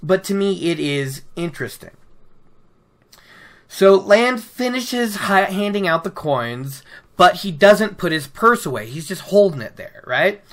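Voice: mid-range voice, animated, a little slow. A podcast host casually recapping a fantasy book chapter with chatty, enthusiastic asides.

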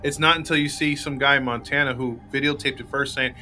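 A man co-hosting a podcast in casual chat, telling stories in an animated way. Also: medium pitch, fast talker. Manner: animated storyteller, does silly character voices. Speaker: podcast co-host.

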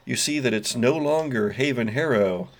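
A man running a tabletop game as game master, narrating scenes steadily and descriptively. His voice is gravelly with some fry, sitting at an ordinary pitch. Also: expressive, normal speed.

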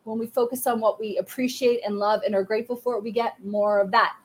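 A psychic reader on a livestream speaks directly and encouragingly to her viewers, her tone warm. Her voice is slightly high and steady, and she talks a little fast.

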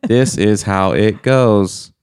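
A man's voice: on the low side, slow pace, darkish tone, clear, resonant tone, dry recording, clean studio sound. A man co-hosting a podcast, chatting casually and telling goofy, self-mocking stories. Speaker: podcast co-host. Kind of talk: casual chat.

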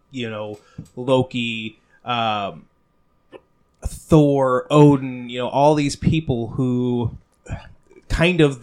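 A man's voice: medium pitch, darkish tone, clean tone. A man hosting a comics podcast, enthusiastic and casual, acting out little quotes. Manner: enthusiastic, acts out quotes with a squeal. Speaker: podcast host. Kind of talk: casual chat about comics.

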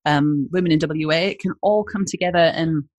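A woman's voice: low voice, brisk, darkish tone, no echo. A woman with an Australian accent, a business founder talking as a podcast guest in a rambling, chatty way full of "you know, like". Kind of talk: casual podcast interview.

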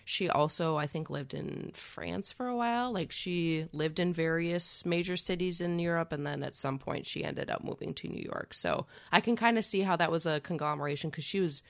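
A woman with a deep, gravelly voice chats casually as a podcast co-host. She laughs often and fills her talk with fillers. Her sound is close and dry. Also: normal speed, hardly any pauses, dry recording. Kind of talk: casual chat.

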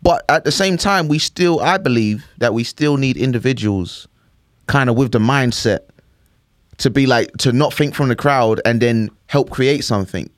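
A man's voice: mid-range voice, moderate pace, no echo, clean studio sound. A man co-hosting a podcast, talking in a loose, musing way and often checking in with "do you know what I mean". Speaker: podcast co-host. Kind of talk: casual chat.

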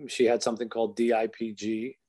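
A man as an interview guest, telling a story in an earnest, measured way and slowing down for emphasis. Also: on the low side, flat delivery, warm tone. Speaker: author and guest.

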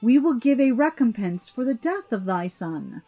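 A woman's voice: a little high, big pitch swings, normal speed, mellow, faint music behind, pitched above the performer's own voice. A woman reading a storybook, voicing the eldest male god, grave and commanding, in solemn old-fashioned speech.

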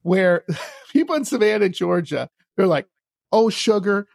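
A man hosting a podcast, telling animated stories, often laughing and acting out the voices of the people in them. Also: sits high, normal speed, vocal fry, husky, no echo. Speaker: podcast host. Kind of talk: casual storytelling chat.

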